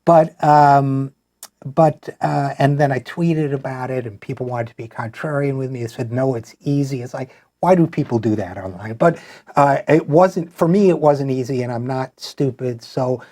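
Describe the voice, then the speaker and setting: Mellow-voiced man thinking aloud. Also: medium pitch, moderate pace. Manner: rambling, thinks aloud with many restarts and fillers. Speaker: show host. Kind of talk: conversational interview.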